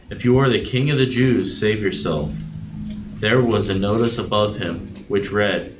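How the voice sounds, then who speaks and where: A man reading scripture aloud at a Bible study, then reflecting on it in an earnest, thoughtful way. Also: fairly low pitch. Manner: earnest and reflective, with some halting restarts. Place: room at a group Bible study. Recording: echoey room with loud background noise.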